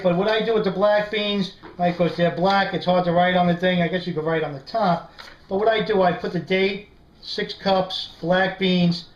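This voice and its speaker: A man's voice: high-pitched, muffled recording. Casual New York male vlogger, chatty, keeps checking in with listeners, echoey room with faint hiss. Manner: chatty, says "right?" constantly, animated storyteller. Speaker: prepping video host. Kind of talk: casual how-to vlog.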